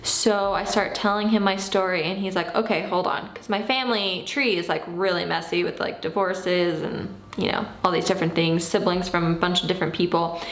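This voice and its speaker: A woman in her thirties telling a personal story in a casual, animated way, acting out what she said back then. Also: lowish voice, brisk, hardly any pauses, roomy sound. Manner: animated, acts out her own past lines. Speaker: vlogger.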